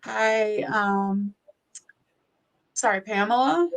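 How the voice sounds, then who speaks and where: A woman's voice: medium pitch, extremely slow, vocal fry, low-quality recording. A woman co-hosting a casual live stream, giggling and greeting viewers by name.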